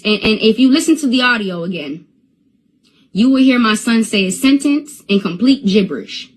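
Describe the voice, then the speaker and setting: A woman's voice: a little high, animated, normal speed, husky, low-quality recording. A young woman on a phone live stream, talking in an agitated rant that stammers and repeats itself.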